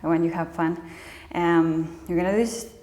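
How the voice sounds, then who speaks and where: A woman's voice: on the low side, steady tone, moderate pace, darkish tone. A woman instructor guiding a yoga class, counting breaths and calling out poses, with slightly non-native phrasing. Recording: echoey room with long reverb.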